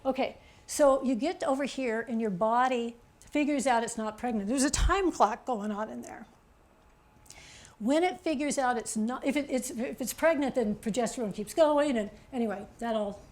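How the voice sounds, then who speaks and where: A woman author gives a chatty, animated public talk, pointing things out on a chart and checking in with her audience by asking "okay?". She speaks at normal speed with a fairly high pitch.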